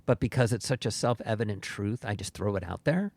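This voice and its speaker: A man's voice: lowish voice, expressive, brisk, darkish tone, dry recording. Man, podcast co-host, casual chat, reflective, dry sound.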